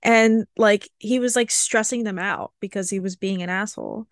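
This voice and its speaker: A young woman in her twenties talks casually with a friend on a podcast. She tells stories in an animated, chatty way with lots of fillers. Her voice sits at a middle pitch, and the recording is dry and close. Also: moderate pace, no room sound. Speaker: podcast co-host. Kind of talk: casual chat.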